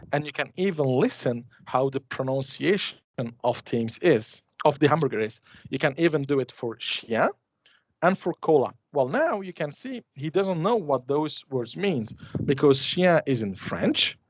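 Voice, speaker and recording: Man demoing software, dull audio. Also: mid-range voice, dry recording. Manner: chatty, restarts and hesitates while clicking through a demo. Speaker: conference presenter. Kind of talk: live software demo.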